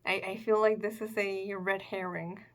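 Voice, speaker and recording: A woman's voice: medium pitch, little pitch movement, normal speed. A chatty woman talking through her reaction to a manga chapter in a mid-range voice. She muses aloud, circles back on herself and leans on fillers as she works through her thoughts. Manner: chatty, musing, filler-heavy. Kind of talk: casual reaction commentary.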